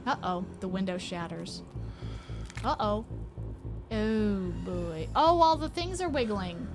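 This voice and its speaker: A woman streaming a horror game, reading its text and reacting loudly, swearing and shrieking at scares. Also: mid-range voice, lively intonation, slow. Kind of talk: live game playthrough commentary. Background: game music.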